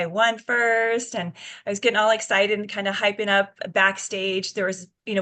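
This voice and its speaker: A woman's voice: mid-range voice, bright, forceful tone. A woman in her fifties, a guest in an interview, telling her story earnestly with many fillers and restarts. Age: 50s. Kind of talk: casual interview chat.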